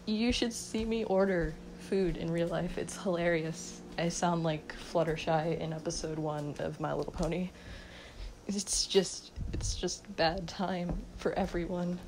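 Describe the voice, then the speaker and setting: A woman's voice: fairly low pitch, steady tone, unhurried, background noise. Giggly young woman rambling sleepily. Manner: giggly, self-mocking, mumbling. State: sleep-deprived, up all night. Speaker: vlogger. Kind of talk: rambling unscripted monologue. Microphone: phone mic.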